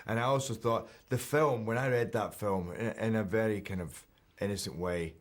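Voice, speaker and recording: In a casual interview, a Scottish actor in his thirties speaks at a normal, easy pace in a very low voice. He comes across as relaxed and self-deprecating, frequently starting his sentences over while thinking aloud.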